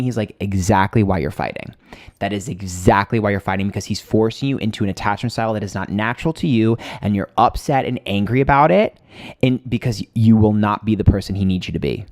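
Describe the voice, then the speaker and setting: Low-voiced chatty man telling a story. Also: lively intonation, quick pace, a little mellow, dry recording, studio quality. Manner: chatty storytelling, swears freely, greets viewers. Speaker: livestream host. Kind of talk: casual livestream chat.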